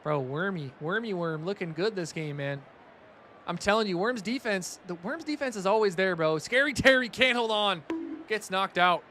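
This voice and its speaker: Young male streamer, high and bright, casual excitable play-by-play, faint background noise. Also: normal speed. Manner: excitable, rising loud on big plays, chatty asides to chat. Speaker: stream commentator.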